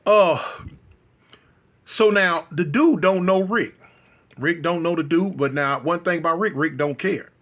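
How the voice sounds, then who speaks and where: A man spins a casual story with lots of fillers and restarts. His voice sits high and sounds bright and sharp, and he gets lively as he goes. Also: unhurried. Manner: animated, rambling with many fillers and repeats.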